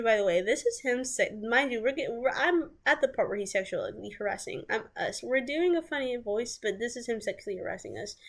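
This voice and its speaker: A woman vlogger telling a personal story in a casual, candid way, often stopping to restart her sentences. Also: a little high. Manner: casual and candid, breaks into laughs and sighs, restarts. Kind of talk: storytime vlog.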